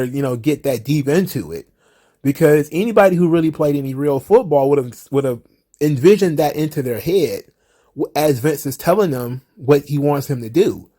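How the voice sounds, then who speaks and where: A man's voice: on the high side, dark tone. A man hosting his own wrestling commentary channel, giving blunt, profane opinions in a casual talking style. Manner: blunt and profane, mocking acted-out exchanges.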